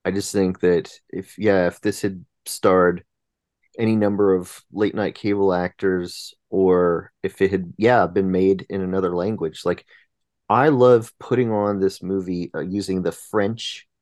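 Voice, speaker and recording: A man's voice: low-pitched, fairly even intonation, unhurried, a little mellow, no echo. A man chatting casually on a podcast about films, opinionated and talking in long winding sentences. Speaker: podcast panelist. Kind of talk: casual film chat.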